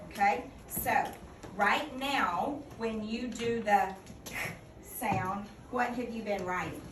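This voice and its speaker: Woman teacher, unhurried classroom drills, recorded from across a noisy, echoey room. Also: a little high. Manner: patient, questioning, drills answers back. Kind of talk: classroom phonics lesson. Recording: echoey classroom from a distant mic with noise.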